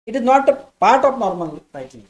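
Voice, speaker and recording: A woman giving a lesson, explaining slowly and restating each point. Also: on the high side, animated. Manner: addresses listeners as dear friends. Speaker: English teacher. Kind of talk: classroom lecture.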